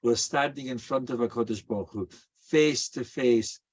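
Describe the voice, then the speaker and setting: An older man, a rabbi giving a storytelling sermon in an animated way. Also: medium pitch, moderate pace, slightly rough. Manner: animated, acts out quoted voices.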